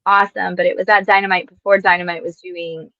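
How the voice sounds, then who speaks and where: A woman's voice: lowish voice, little pitch movement, fast talker, bright, forceful tone, no room sound. Chatty woman on dull, dry audio. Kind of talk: casual chat.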